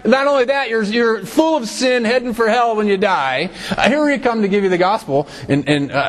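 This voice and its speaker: A man with a high voice preaches from scripture. He reads verses, then explains them, often sinking low and then climbing back up to drive a point home. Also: expressive, normal speed, hardly any pauses. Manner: expository preaching with shifting emphasis, dropping low then rising. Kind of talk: sermon.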